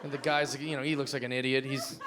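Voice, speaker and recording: A male stand-up comedian doing a brash, profane set, slipping into quick character voices. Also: medium pitch, level tone, background noise. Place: comedy club stage with live audience. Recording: live club set with loud crowd laughter. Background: audience laughing.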